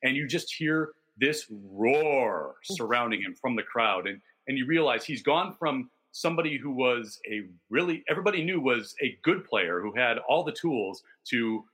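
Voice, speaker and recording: A man's voice: mid-range voice, animated, normal speed, bright, forceful tone, slightly rough. A man co-hosting a casual sports podcast, telling stories in detail and backing them with statistics. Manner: detailed, enthusiastic storytelling with stats. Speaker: podcast co-host.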